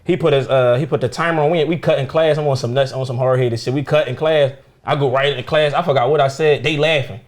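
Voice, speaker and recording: A young comedian guest tells stories in a casual chat, profane and animated, acting out the people in them. His voice is mid-range and he talks fast.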